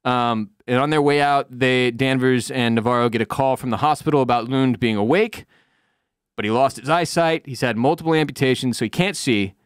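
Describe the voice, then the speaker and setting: Man, podcast co-host, casual profane recap, mid pitch, dry sound. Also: brisk, smooth, no echo. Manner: loose, profane, acts out quotes in voices.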